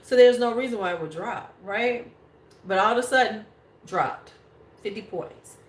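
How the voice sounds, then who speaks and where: A woman's voice: medium pitch, normal speed. Woman in her forties, beauty livestream host, casual blunt chat, swears a lot, echoey room. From United States. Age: 40s. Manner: blunt, swears freely, talks straight to chat viewers.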